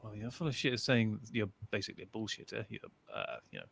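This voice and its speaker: A man's voice: lowish voice, huge pitch swings, fast talker, creaky, a bit bright, slight background noise. A man with an English accent in casual chat, explaining British words and laughing often.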